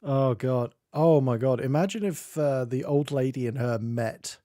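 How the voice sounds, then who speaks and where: A man's voice: mid-range voice, unhurried, warm tone, no echo, clean studio sound. A man streaming, chatting casually, joking and laughing often. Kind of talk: casual chat.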